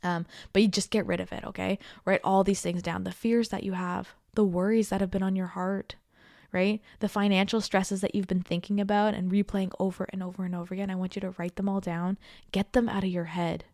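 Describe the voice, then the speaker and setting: A woman's voice: medium pitch, level tone, brisk, a little mellow, dry recording. A woman in her thirties hosts a heartfelt, casual podcast as a coach. She talks in an encouraging, chatty way, keeps asking "okay?" and "right?", and breaks into easy laughs. Her mid-range voice sits close on a dry mic with no room sound.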